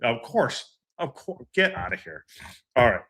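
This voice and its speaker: Ranting bright-voiced male fan host. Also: a little high, animated, a little slow, creaky, slightly rough. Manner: ranting, swearing, repeats himself. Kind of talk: heated fan reaction stream.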